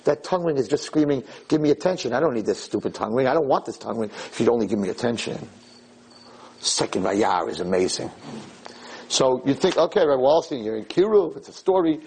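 Husky rabbi telling animated stories. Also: male voice, fast, rough recording. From New York. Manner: animated, jumps high when quoting people. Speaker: rabbi giving a talk. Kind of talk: storytelling Torah talk to a live audience. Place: room with an audience.

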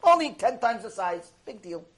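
A man with a fairly high voice delivers a mussar lecture. He exhorts his listeners with passion, sinking to hushed lines and then rising sharply in volume. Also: big pitch swings, normal speed. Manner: impassioned, exhorting, big swings between hushed and loud. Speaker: Torah lecturer.

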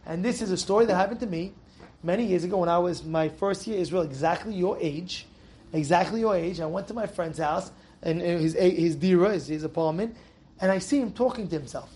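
A young adult rabbi giving an animated, emphatic Torah lesson to young students, telling a story and repeating phrases for stress. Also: male voice, high-pitched, a little fast. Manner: emphatic, repeats phrases, shouts in acted quotes.

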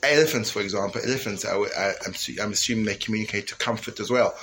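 A man leading an informal Torah class, animated and emphatic, dropping to a hushed tone at times, with many fillers and restarts. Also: on the low side, quick pace, a little hiss or hum. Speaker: teacher.

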